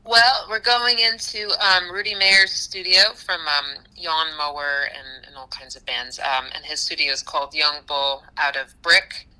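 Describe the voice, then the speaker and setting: A woman musician chatting casually in an interview, animated, with frequent laughs and fillers. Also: deep voice, measured pace, few pauses, rough recording. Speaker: musician guest.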